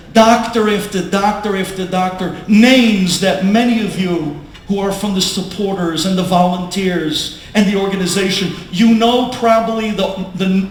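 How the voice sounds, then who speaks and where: A young adult man, a rabbi giving an inspirational talk, telling his story dramatically and swinging from hushed tones to shouts. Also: sits high. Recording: echoey hall with faint room noise.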